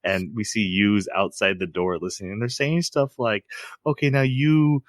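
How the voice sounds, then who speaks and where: A man with a slightly low voice co-hosts a casual podcast, recapping scenes with lively storytelling and frequent chuckles. The sound is dry and close, with no room around it. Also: moderate pace, no echo. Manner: animated storytelling, laughs often while retelling scenes. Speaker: podcast co-host. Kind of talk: casual chat recapping an anime episode.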